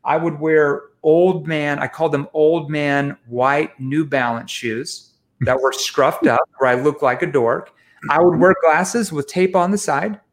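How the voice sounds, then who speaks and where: Animated man telling sales stories. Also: on the high side, unhurried. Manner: animated, self-mocking anecdotes with many restarts. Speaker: interview guest, sales trainer. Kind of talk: storytelling in a casual interview.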